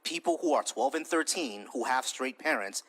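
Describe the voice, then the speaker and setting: A man hosting a live online debate, cutting in, repeating words in quick bursts and swearing freely. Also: medium pitch, lively intonation, fairly bright tone. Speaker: debate stream host.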